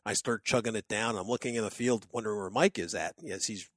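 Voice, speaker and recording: A man telling a story in casual chat with friends, animated and full of restarts. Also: lowish voice, fast talker, no room sound.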